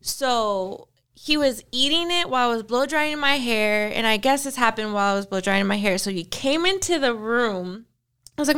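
A woman co-hosting a casual podcast, telling an animated story and acting out the voices in it. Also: on the high side, moderate pace, smooth. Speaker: podcast co-host. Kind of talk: casual chat.

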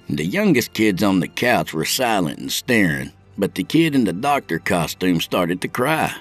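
A man's voice: low voice, big pitch swings, normal speed, hardly any pauses, faint music behind. A man narrating a gritty first-person story, his storytelling vivid. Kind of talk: audiobook narration.

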